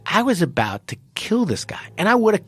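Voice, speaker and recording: Gravelly man telling a story animatedly. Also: sits high, moderate pace. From United States. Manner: animated storytelling with many restarts and fillers. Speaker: podcast host. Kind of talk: casual podcast chat.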